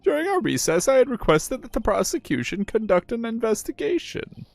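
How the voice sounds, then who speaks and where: A man's voice: very high voice, sing-song, brisk, vocal fry, dry recording, soft background music, voice pushed up, full character voice. A man voicing an elderly male courtroom judge with stiff, formal delivery.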